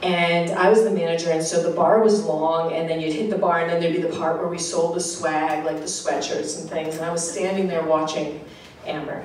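A woman from Rhode Island with a Rhode Island accent, telling a personal story on stage in an animated, laughing, self-mocking way. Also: low-pitched, fairly quick, a little hiss or hum. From Rhode Island, USA. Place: live storytelling show. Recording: echoey live venue from far off.

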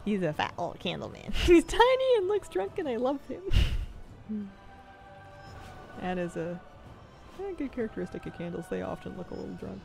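A woman's voice: mid-range voice, sing-song, normal speed, gravelly, pauses often, a little mellow, faint music behind. A woman streaming a game, chatting casually with chat in a rambling way and laughing often. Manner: chatty, giggly, rambling asides.

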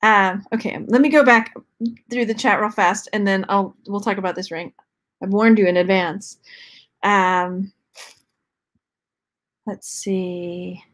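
A woman's voice: mid-range voice, steady tone, slow pace, long pauses. A chatty woman from Texas hosting a casual live jewelry unboxing, rambling and reading the chat as she goes. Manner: chatty, rambling, talks to her cat and to chat. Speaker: jewelry reseller and channel host.

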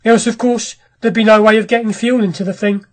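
A storyteller reads as a restless ironworks master who talks fast and hard, urging his companion along. The voice is husky and sits in a middle pitch. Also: steady tone, natural voice. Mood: curt. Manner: brisk, talkative, commanding. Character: ironworks owner, a grim restless man. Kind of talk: audiobook character reading.

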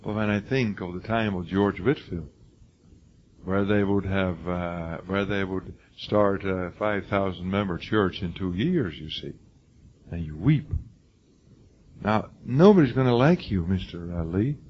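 A man's voice: sits low, a little slow. Emphatic older male lecturer, lo-fi. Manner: emphatic, questions students by name; frequent restarts and repeated words. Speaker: college lecturer. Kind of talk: classroom lecture. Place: college classroom. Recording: lo-fi classroom recording with faint noise.

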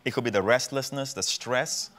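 A man's voice: medium pitch, normal speed, fairly bright tone. Man preaching with emphatic repetition. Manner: emphatic, repeats phrases for effect. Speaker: pastor. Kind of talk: preaching in a talk show interview. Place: TV studio.

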